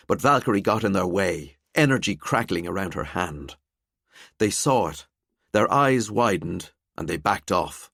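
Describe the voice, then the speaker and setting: Measured male audiobook narrator. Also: fairly low pitch, gravelly, fairly bright tone, no room sound, clean studio sound. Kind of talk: scripted narration.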